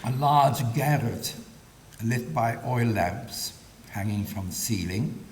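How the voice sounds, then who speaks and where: A man giving a public lecture, hesitant with many pauses and fillers, adding dry wry asides. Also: expressive, recorded from a distance. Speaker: guest lecturer. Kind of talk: public lecture with read-aloud excerpts. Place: large lecture hall. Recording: echoey lecture hall, faint rumble.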